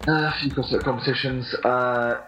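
A man's voice: mid-range voice, steady tone, moderate pace, a bit bright. A man in his thirties, a fitness athlete guest on a casual podcast, talking hesitantly with lots of ums and little chuckles. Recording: dull lo-fi recording.

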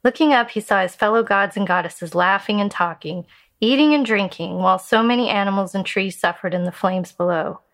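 A woman telling a Buddhist fable in a measured storytelling voice that slows for emphasis. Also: medium pitch, gravelly, a bit bright.

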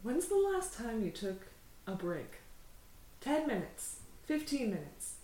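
A woman playing a tabletop role-playing game with friends, talking someone down with a calm, slow, soothing pep talk. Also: a little high, echoey room, slight background noise, poor audio. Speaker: player.

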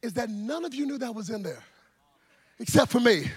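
A man preaching a sermon, telling a childhood story and then shouting and calling the congregation to answer back. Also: extremely high pitch, normal speed, slightly rough. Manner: animated, shouting and call-and-response with the crowd. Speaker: pastor.

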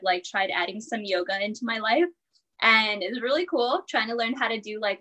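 A young woman in her twenties with a bright, forceful tone talks easily as a podcast guest. She is chatty and upbeat, sprinkles in laughs, and leans on fillers like "like" and "um" as she tells her story. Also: medium pitch, rough recording. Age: 20s. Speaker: podcast guest, college student and personal trainer. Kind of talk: casual interview chat.

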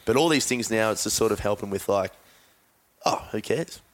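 Low-voiced, relaxed Australian man. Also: fast talker. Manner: relaxed, rambling, with frequent fillers. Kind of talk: casual podcast chat.

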